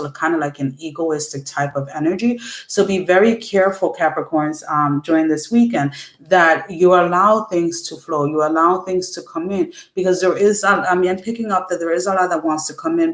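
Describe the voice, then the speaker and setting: A woman's voice: low voice, echoey room. A woman giving a casual tarot reading, rambling and correcting herself as she talks to her viewers. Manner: rambling, self-correcting, chatty. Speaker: tarot reader.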